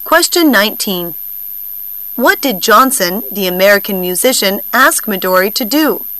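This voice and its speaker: A woman reading exam questions in a clear, formal, evenly paced voice. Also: medium pitch, animated, moderate pace, bright, forceful tone, no room sound, rough recording. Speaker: test question reader.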